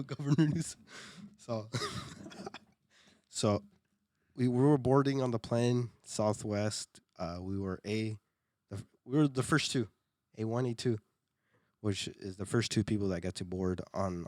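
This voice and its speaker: A young man with a fairly low voice tells a story on a podcast, loose and chatty, laughing and swearing as he goes. He stumbles over and repeats words. The sound is close and dry, with no room around it. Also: measured pace, darkish tone, no echo. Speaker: podcast co-host. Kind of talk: casual storytelling chat.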